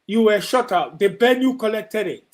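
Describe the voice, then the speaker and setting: Male host, high-pitched, encouraging, casual interview. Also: expressive, moderate pace. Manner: encouraging with short reactions.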